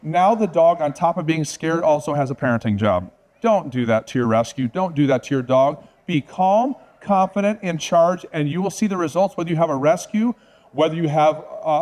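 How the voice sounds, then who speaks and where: A dog trainer speaking to an audience, confident, direct and persuasive. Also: male voice, on the high side, darkish tone. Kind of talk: talk to an audience.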